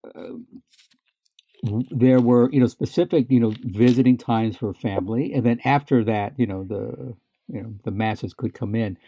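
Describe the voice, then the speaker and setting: A man's voice: mid-range voice, moderate pace, gravelly, no echo, muffled recording. A man co-hosting a podcast, telling stories in casual chat with many restarts and fillers, laughing now and then. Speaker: podcast co-host.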